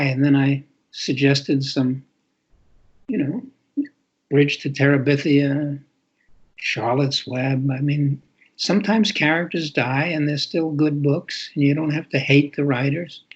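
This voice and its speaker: A man's voice: on the high side, lively intonation, a little slow, breathy edge. An older man, an author and interview guest, talking casually and expressively, stressing words as if reading aloud, over muffled lo-fi audio.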